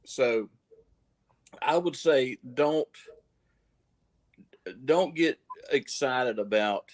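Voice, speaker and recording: A man's voice: medium pitch, expressive, very slow. A man with a Southern accent, a coin dealer guest on a livestream, telling long folksy stories and often repeating words as he goes. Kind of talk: casual livestream chat.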